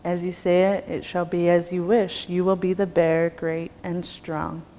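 A woman voicing a calm male transformer spirit who grants wishes in slow, solemn words. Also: fairly low pitch. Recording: long reverb, faint background noise.

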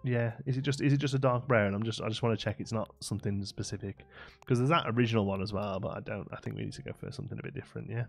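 A man's voice: fairly low pitch, steady tone, very fast, gravelly, soft background music. A man chatting with viewers during a late-night live game stream, thinking aloud and laughing often.

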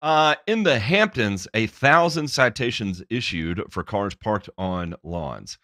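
A man co-hosting a podcast, reading news items with sarcastic, profane, animated commentary on a close mic. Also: fairly low pitch, takes it slowly, no room sound. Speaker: podcast co-host.

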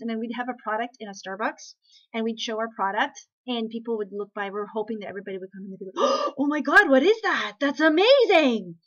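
A woman talking casually to camera in an animated rant, asking rhetorical questions and restarting her sentences. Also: fairly high pitch, lo-fi sound. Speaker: network marketing vlogger.

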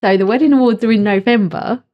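A woman co-hosting a podcast, telling stories in a giggly, animated way. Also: on the high side, fast talker, muffled recording. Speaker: podcast co-host. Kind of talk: casual podcast chat. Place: podcast studio.

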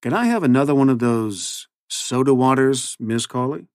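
A man voicing a friendly off-duty male priest in an easygoing, gently amused way. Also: mid-range voice, animated, normal speed, no room sound, clean studio sound, natural voice. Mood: genial.

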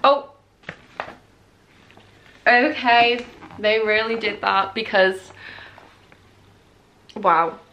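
A young woman casually vlogging a book unboxing, excitable and gushing, emotional and close to tears. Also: medium pitch, extremely slow, long pauses, lo-fi sound, slight background noise.

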